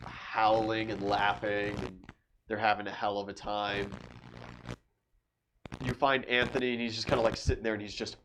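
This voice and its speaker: A man narrating as game master in a tabletop game, casually and with animated storytelling. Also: lowish voice, normal speed, gravelly, long pauses, background noise.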